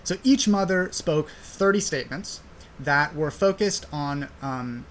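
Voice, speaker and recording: A man's voice: fairly high pitch, animated, measured pace, a little hiss or hum. A young man hosting a podcast, explaining a study in a casual, conversational way with frequent fillers. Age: young adult. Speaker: podcast host.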